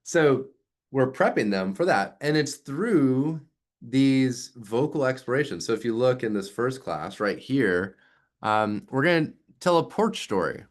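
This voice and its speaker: A man's voice: medium pitch, measured pace. Guy in his 30s explaining music teaching, voice jumps all over, playful demo-y delivery. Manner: animated, demonstrates sounds with voice play. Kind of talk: casual explanatory talk.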